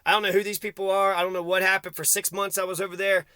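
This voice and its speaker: A man's voice: sits high, flat delivery, fast talker, pushed and bright, clear, resonant tone, no echo. Furious swearing man ranting outdoors. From Kentucky. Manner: agitated, swearing constantly, rambling. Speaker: vlogger. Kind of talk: angry profane rant to camera.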